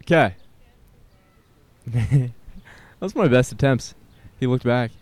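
A man's voice: mid-range voice, animated, a little slow, darkish tone, no echo. Hesitant young man rambling outdoors. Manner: hesitant and self-conscious, with nervous laughs and many fillers. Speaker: vlogger. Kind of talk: rambling solo vlog. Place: outdoors in a city park.

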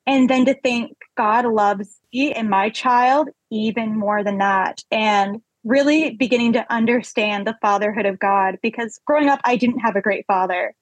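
A young woman with a fairly high, slightly husky voice speaks as a guest in a podcast interview. She tells her personal story candidly and with animation, and the recording is dry and close. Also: normal speed, hardly any pauses, no echo, rough recording.

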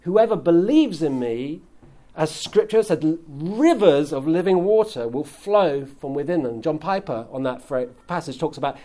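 Male pastor, earnest sermon delivery, a touch higher-pitched, leans into key phrases. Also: lively intonation, normal speed, warm tone. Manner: earnest preaching, builds emphasis on key phrases.

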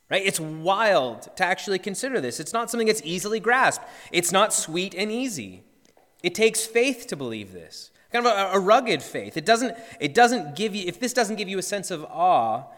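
A man's voice: a little high, a bit bright, in a large hall. A man, a pastor, preaching an earnest sermon and acting out the disciples' cries.

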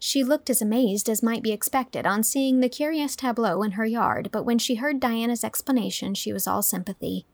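A woman narrating a classic storybook with a gentle, even reading manner. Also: fairly high pitch, moderate pace, few pauses, dry recording. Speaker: audiobook reader.

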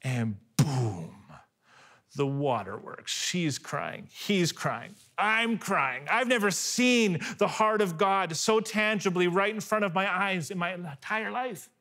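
A man in his thirties preaching a sermon, telling a story with animated delivery, often restarting on repeated words. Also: high voice, slow. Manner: animated storytelling, voice rising when excited and dropping soft for quiet moments. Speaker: pastor.

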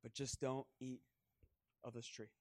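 Gentle, unhurried God the father , voiced by a preacher. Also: mid-range voice, level tone, pitched below the performer's own voice, natural voice. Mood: earnest. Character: God the father, calm and proud.

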